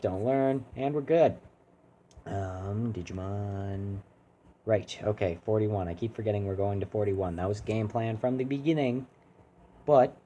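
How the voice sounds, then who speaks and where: A man's voice: on the low side, dark tone. A man streaming a video game, chatting casually and rambling as he keeps interrupting himself to talk to his chat. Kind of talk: casual live-stream commentary.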